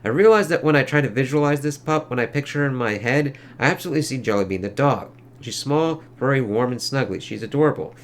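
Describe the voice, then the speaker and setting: Here is a calm, thoughtful blind woman sculptor, as a man reads her lines from a comic. She speaks in a mid-pitched, even voice and describes touch and texture with quiet focus. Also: fast, few pauses, a little hiss or hum, close to an everyday voice. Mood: reflective. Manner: reads comic dialogue aloud in a mostly plain voice.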